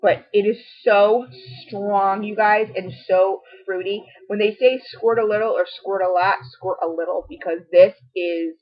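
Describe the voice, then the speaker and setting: A middle-aged woman gushes through a casual review, chatty and full of little asides. Her voice sits at an ordinary pitch for a woman. The home-video sound is dull and lo-fi. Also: steady tone, measured pace, few pauses. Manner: gushing and chatty, many fillers and asides. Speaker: beauty and home product vlogger. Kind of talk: casual product review to camera.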